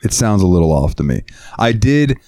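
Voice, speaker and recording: A man's voice: on the low side, very animated, moderate pace, mellow, no room sound. A man co-hosting a podcast in casual chat, laid-back and joking, reading out listener questions. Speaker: podcast co-host.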